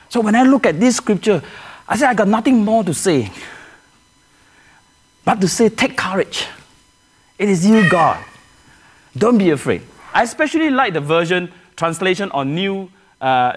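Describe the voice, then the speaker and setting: A man delivers a sermon to his church in a high voice. His pitch rises and falls widely as he restarts phrases and turns to the congregation with questions. The tone is earnest throughout. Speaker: pastor.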